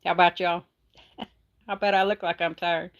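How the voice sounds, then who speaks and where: Talking into her phone, a middle-aged Texan woman hosts a relaxed livestream in a slightly low voice with little pitch movement and normal speed. She reads out viewer comments and laughs often between remarks, and the recording sounds muffled.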